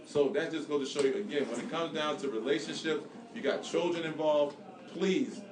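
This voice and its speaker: A man hosting a podcast, telling a family story in a fast, animated casual chat. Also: on the high side, roomy sound, recorded from a distance, background noise. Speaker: podcast host.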